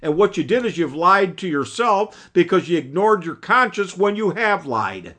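A man's voice: sits high, very animated, normal speed, a bit bright. A man teaching a Bible class over a video call, preaching in an earnest, emphatic way and often recounting what his old teacher told him. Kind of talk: preaching lecture.

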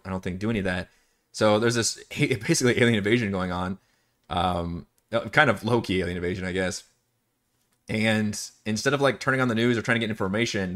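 A man's voice: lowish voice, fairly bright tone. A man acting as dungeon master, chatting casually and rambling during live-streamed game prep, often laughing and swearing.

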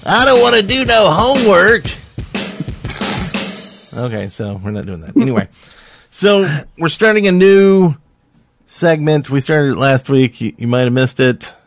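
A man's voice: medium pitch, lively intonation, normal speed, soft background music. A man co-hosting a podcast in casual chat, rambling and hesitant with many fillers. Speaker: podcast co-host.

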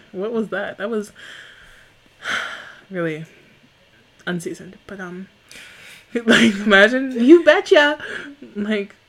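A woman's voice: mid-range voice, fairly bright tone. Young woman, podcast co-host, casual chat, laughs often, rambles, medium voice. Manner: giggly, rambling, self-teasing.

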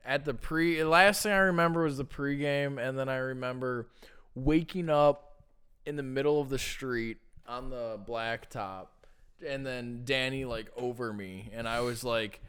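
A man's voice: medium pitch, steady tone, unhurried, a bit bright, clean tone. A young man chatting casually, laid-back and joking as he recalls events. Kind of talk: casual chat.

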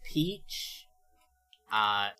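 A co-host chatting on a podcast with a bright, forceful tone. Blunt and quick to swear, they keep pulling the talk back on track. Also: mid-range voice, very animated, a little hiss or hum. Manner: blunt, swears, steers topics. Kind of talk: casual chat.

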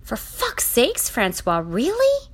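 Woman doing a shrill, appalled young woman. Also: huge pitch swings, slow pace, husky, full character voice. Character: shocked young woman on a bad date.

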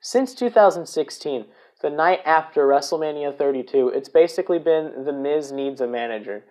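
A man's voice: fairly high pitch, normal speed, a little mellow. A man hosting a casual solo podcast, rambling, swearing and correcting himself as he goes. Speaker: podcast host.

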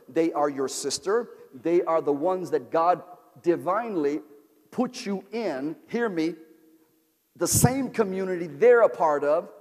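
A male pastor preaching a sermon in a church, with call-and-response repetition that builds to shouting. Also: high voice, big-room sound.

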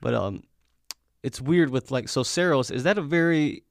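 Gravelly joking podcast host. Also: male voice, mid-range voice, expressive, no echo, clean studio sound. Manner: joking, interjecting, quick reactions. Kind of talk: casual chat over beers. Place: small studio.

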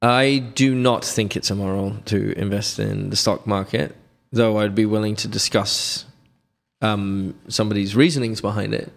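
British guy, 30s, low register; measured, thoughtful podcast guest with deadpan humor. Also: vocal fry. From United Kingdom. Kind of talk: casual interview chat.

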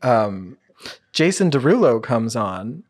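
A young woman in casual chat, telling stories in a chatty, drawn-out way. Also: a bass voice, sing-song, a little mellow, breathy edge.

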